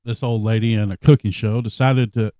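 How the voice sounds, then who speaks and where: A man's voice: on the low side, fairly even intonation, brisk, dark tone, no echo, clean studio sound. A man co-hosting a casual comedy podcast, joking and laughing, often trailing off with fillers. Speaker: podcast co-host.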